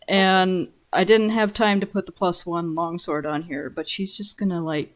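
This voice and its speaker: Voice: medium pitch, fairly even intonation, normal speed, few pauses. A tabletop game player describing their character's moves in loose, profane casual chat.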